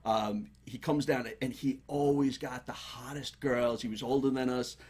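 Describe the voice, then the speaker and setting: Husky male guest, animated casual storyteller. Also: medium pitch, moderate pace. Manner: animated, laughing while telling stories.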